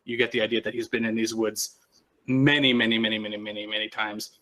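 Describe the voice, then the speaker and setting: A man's voice: fairly low pitch, little pitch movement, fast, bright, forceful tone. A man narrating a tabletop role-playing game as game master, in a loose, casual way with frequent restarts.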